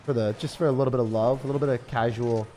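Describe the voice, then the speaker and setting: A young man commentating his own live game stream in a jokey, excitable way, bursting into shouts and laughter. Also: mid-range voice, rapid-fire. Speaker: gaming streamer.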